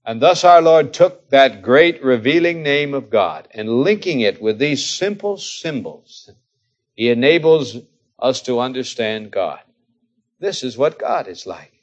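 A man preaching a sermon, slow and emphatic, with dramatic pauses and sudden drops to quiet asides. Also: mid-range voice, big pitch swings. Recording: dull, lo-fi older recording.

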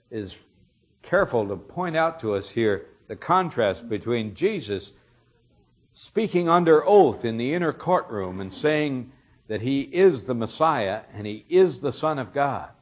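A man's voice: mid-range voice, lo-fi sound. A man preaching a sermon, retelling a story earnestly and explaining it, his emphasis rising on key moments.

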